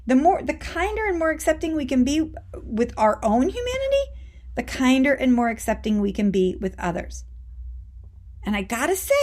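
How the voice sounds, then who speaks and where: A woman's voice: fairly high pitch, darkish tone. A woman life coach hosting her show, giving an emphatic, conversational motivational talk straight to her listeners, casual and a little salty. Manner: casual with mild swearing and frequent "okay?".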